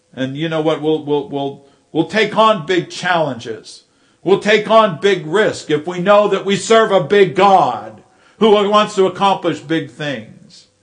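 Man, pastor preaching, high voice, middle-aged, storytelling, repeats himself for emphasis. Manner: storytelling, repeats words when building a point. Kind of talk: sermon.

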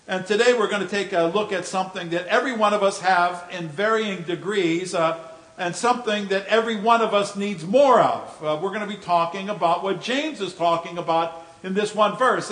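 A male preacher giving a folksy sermon with jokes and stories, often repeating words as he goes. His voice sits high. The sound echoes around the room. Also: fairly bright tone.

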